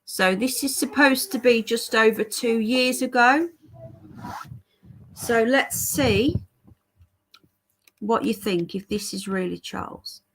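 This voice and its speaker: A woman's voice: a little high, slow pace, pauses often. A woman from the United Kingdom hosting a live stream from home, talking casually to viewers and reading their comments aloud. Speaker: livestream host. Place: home with a child nearby.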